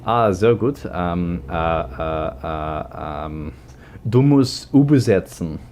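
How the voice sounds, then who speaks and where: A man putting on a mock German speaker with broken English, halting and playful. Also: low-pitched, a little hiss or hum, full character voice.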